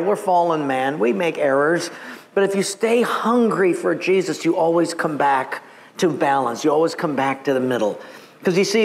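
High-voiced old pastor preaching. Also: male voice. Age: 70s. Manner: humorous storytelling, chuckling often. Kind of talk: sermon with jokes. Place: church before a live congregation. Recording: live church audience noise.

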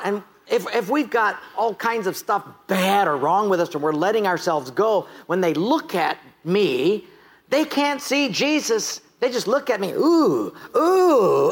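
An American man preaching a sermon, animated and joking, often asking the congregation questions. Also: high-pitched. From United States. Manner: animated, asks the crowd questions, jokes and laughs. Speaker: pastor.

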